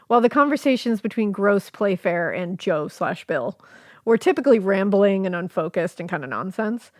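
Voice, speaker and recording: A woman's voice: mid-range voice, lively intonation, moderate pace, a little mellow, no echo, studio quality. A woman hosting a casual storytelling podcast, reading quotes and chatting with fillers and easy laughs. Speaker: podcast host.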